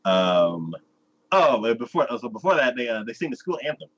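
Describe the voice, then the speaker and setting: A man's voice: medium pitch, very animated, brisk, highs cut off. A man hosting a casual podcast, telling a story in a loose, rambling way and acting out the characters. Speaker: anime review podcast host. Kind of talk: casual chat recapping an episode.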